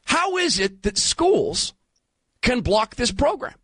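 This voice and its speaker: A man around fifty hosting a talk radio show, emphatic and animated, taking calls. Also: very high voice, slow, husky, dry recording. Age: 50s. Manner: animated, emphatic, turns emotional. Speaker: guest radio host. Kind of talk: talk radio monologue and call-in.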